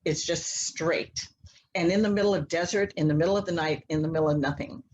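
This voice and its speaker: A woman guest telling a long personal story in a casual, animated way, acting out the voices of people in it. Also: low voice, brisk, muffled recording, slight background noise. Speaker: interview guest, mother.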